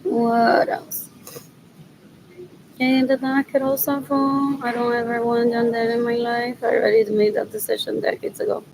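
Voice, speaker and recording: A woman's voice: on the high side, flat delivery, moderate pace, a little mellow, slight background noise, poor audio. A middle-aged woman rambling to herself in a solo monologue, repeating phrases as she muses. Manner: repetitive, muttering to herself. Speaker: vlogger.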